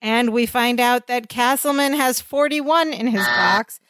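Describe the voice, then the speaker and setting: A woman's voice: on the high side, a little slow, a little hiss or hum. A woman co-hosting a podcast, giving a casual play-by-play recap of a sitcom episode and acting out the characters' lines. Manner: animated play-by-play retelling with acted-out quotes. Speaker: podcast co-host.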